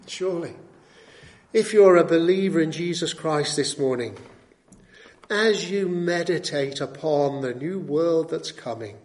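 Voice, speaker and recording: A man delivers a sermon in a notably high voice. He is emphatic, pressing his points with rhetorical tag questions and repeating key words for weight. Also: gravelly, a little mellow. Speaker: preacher.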